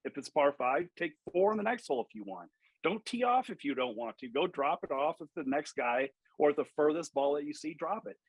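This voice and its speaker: A man's voice: a little high, animated, fairly quick, breathy edge, no room sound, low-quality recording. A man who coaches golf, telling stories animatedly in a podcast interview, acting out quotes and swearing freely.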